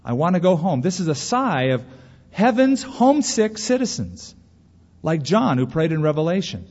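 A male pastor from California preaches earnestly at normal speed, his voice on the high side and darkish, with big pitch swings, rhetorical questions and story asides. The sound is dull and lo-fi, in a reverberant hall.

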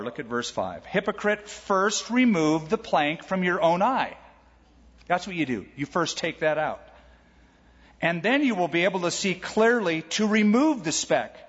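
A man's voice: fairly high pitch, slightly rough. A male pastor delivering a sermon in a conversational, storytelling way, with emphatic points. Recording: echoey hall, dull sound.

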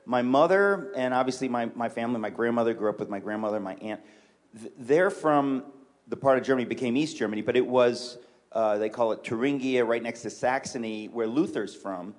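A man from New York City, a guest author chatting in a church interview, joking with quick, self-mocking asides. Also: mid-range voice. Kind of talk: casual interview chat on a church stage.

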